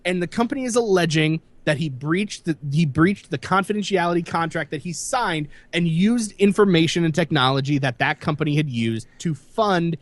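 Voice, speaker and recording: A man's voice: fairly high pitch, moderate pace, hardly any pauses, no echo. A man co-hosting a casual gaming podcast, rambling through the news with lots of fillers. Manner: animated, rambling with many fillers. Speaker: podcast co-host.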